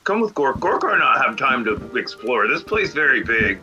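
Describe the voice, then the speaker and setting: A man's voice: medium pitch, big pitch swings, normal speed, bright, forceful tone, dull audio, soft background music. A man voicing a simple, hulking male warrior who speaks in broken sentences and refers to himself in third person. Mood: earnest.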